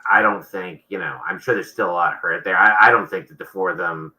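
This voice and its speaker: A man's voice: low voice, fairly even intonation, a little fast, pushed and bright, poor audio. A man, an author being interviewed, talking casually and rambling with many restarts.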